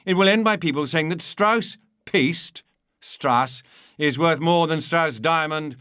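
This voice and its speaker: A man's voice: on the high side, sharp tone, smooth, dry recording, clean studio sound. Wry man reading a memoir aloud. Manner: wry, measured storytelling. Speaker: narrator. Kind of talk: audiobook reading.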